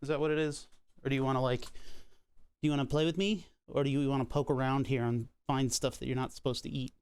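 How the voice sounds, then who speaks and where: A man streaming from his workshop in casual chat, talking to his puppy in a high sing-song baby voice and laughing often. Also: steady tone, quick pace, darkish tone, clean tone, no room sound.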